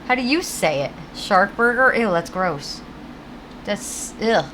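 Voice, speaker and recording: A woman's voice: mid-range voice, expressive, slow pace, a bit bright, slight background noise, low-quality recording. A woman with a Connecticut accent, chatting casually and rambling while she plays a video game and answers her chat. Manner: chatty, rambling, reads chat aloud, swears now and then. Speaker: game streamer.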